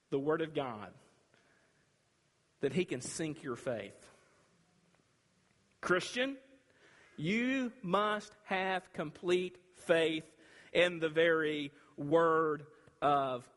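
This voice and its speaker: A man preaching a sermon, emphatic and dramatic, with long pauses between phrases. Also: fairly high pitch, fairly bright tone. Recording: reverberant hall.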